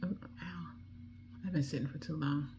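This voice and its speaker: A woman from D.C. with a D.C. accent, chatting casually and rambling while she does her makeup, with soft muttered asides. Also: deep voice, fairly even intonation, moderate pace, noisy background. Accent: Washington, D.C. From Washington, D.C. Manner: rambling, chatty, drifts off topic. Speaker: beauty vlogger.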